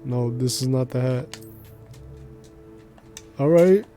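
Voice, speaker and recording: A man's voice: medium pitch, slow pace, warm tone, soft background music. A male streamer chatting casually while he plays, rambling in slangy speech and laughing easily. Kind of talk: casual chat while gaming.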